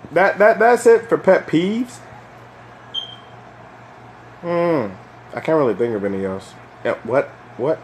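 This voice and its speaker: A young man hosting a casual solo chat, rambling and swearing, with lots of fillers and animated bursts when he rants. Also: on the high side, slight background noise. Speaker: podcast host.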